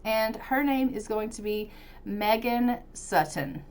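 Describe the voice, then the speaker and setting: A let's-play host with a voice on the high side speaks at a slow pace over background noise. She commentates her life-simulation game casually, staying chatty and upbeat while describing her moves.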